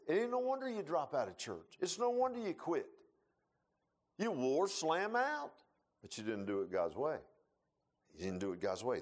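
A man preaching a folksy sermon, telling stories and building to loud emphatic points. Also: fairly high pitch. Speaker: pastor.

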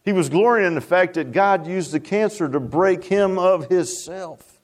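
A man preaching a sermon, emphatic, with dramatic swings in pitch. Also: normal speed.

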